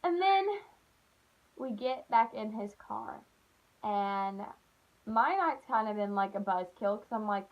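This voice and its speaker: A young woman telling stories in a chatty, animated way, full of "like.". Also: medium pitch, slow pace, long pauses, lo-fi sound. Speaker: vlogger. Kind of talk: casual storytime.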